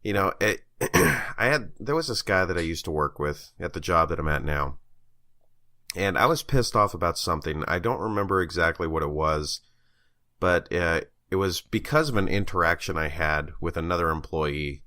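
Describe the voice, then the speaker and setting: A man co-hosting a podcast, chatting casually and telling a story with animated energy, swearing and laughing along the way. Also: low-pitched, moderate pace, dry recording, clean studio sound. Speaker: podcast co-host. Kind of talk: casual chat.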